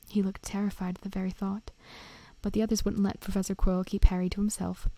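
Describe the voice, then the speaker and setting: A woman reading a storybook aloud in a gentle, steady, often half-whispered way, close to the mic. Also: mid-range voice, fast talker, no room sound. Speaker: narrator.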